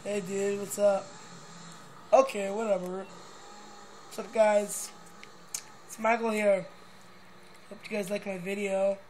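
A young man giving crude, joking commentary while playing a video game, mostly mumbling with sudden shouted outbursts. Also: high-pitched, level tone, slow pace, pauses often, a little hiss or hum. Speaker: gaming video host.

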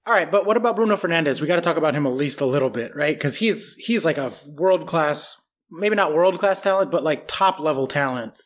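A man's voice: on the high side, animated, fairly quick. A man co-hosting a sports podcast in casual chat, talking things through analytically and swearing casually. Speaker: podcast co-host.

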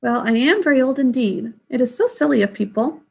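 A woman reading aloud, voicing a calm, ancient and wise great-grandmother who reassures a child. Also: high-pitched, brisk, vocal fry, husky, full character voice. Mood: tender. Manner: tender, reassuring.

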